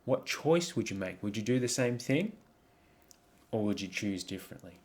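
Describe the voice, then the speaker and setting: Low-voiced man coaching through slides. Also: lively intonation, normal speed. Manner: reflective, asks many questions, frequent ums and restarts. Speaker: life coach. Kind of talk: coaching presentation over slides.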